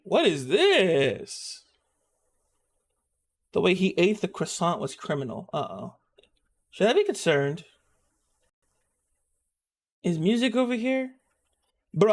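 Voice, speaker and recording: A man streaming live and chatting casually, animated, laughing often and swearing freely. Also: sits high.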